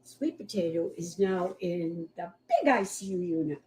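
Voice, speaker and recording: A woman animal rescuer giving video updates on a sick kitten, animated and cooing at it in baby talk, recorded indoors on a phone. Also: on the low side, measured pace, slightly rough.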